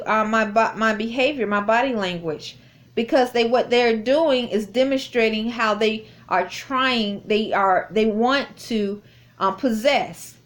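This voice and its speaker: A woman telling a personal story in a casual spoken testimony, rambling with many fillers and restarts, recorded indoors on a phone. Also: a little high. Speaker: vlogger recounting a personal experience.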